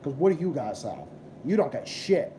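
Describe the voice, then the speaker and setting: A man's voice: mid-range voice, sing-song, moderate pace, mellow, slight background noise. A young man hosting a live stream, ranting and swearing as he chats with viewers. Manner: profane, ranting, combative. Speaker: livestream host. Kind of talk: casual live-stream chat.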